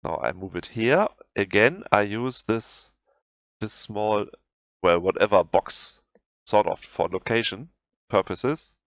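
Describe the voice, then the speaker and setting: A man with a German accent, a native German speaker, talking through a software tutorial in halting English that often restarts. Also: fairly low pitch, lively intonation, no echo, clean studio sound. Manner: halting, self-correcting non-native English. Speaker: tutorial host. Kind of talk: screen-recorded software tutorial.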